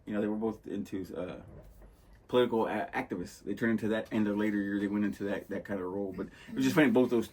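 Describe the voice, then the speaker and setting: A husky, low-voiced man talks loosely through film scenes. He rambles and keeps acting out the characters' lines as he goes. The tone is casual, podcast-host chat. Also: steady tone, fast, a little mellow. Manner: rambling, laid-back storyteller acting out movie lines. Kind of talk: casual chat about movies.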